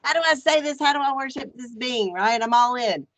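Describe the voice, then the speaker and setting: A woman guest in casual chat, animated and frank, swearing freely as she talks about her faith. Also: a little high, brisk, dry recording. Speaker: podcast guest, archpriestess.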